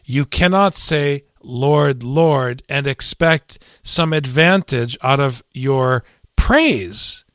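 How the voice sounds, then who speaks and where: Priest, male, slow deliberate teaching voice, slightly higher pitched, dry close sound. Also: a bit bright, dry recording. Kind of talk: Bible study discussion.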